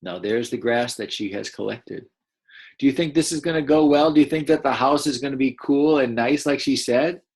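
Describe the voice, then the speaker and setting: A man's voice: mid-range voice, normal speed, darkish tone, slightly rough, low-quality recording. A man teaching first graders a read-aloud lesson, patiently explaining and asking the children questions.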